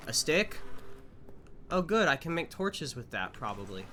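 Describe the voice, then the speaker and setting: A man's voice: a little high, very animated, a little slow, pushed and bright, slight background noise. A man streaming a horror game live, flustered and jumpy, out of breath and swearing when startled.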